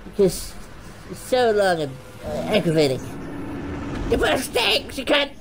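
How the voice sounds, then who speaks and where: A woman host giving foul-mouthed, excitable let's play commentary, shouting insults at the game. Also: medium pitch, a little slow, noisy background. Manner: excitable, frequent panicked outbursts. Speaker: gaming channel host.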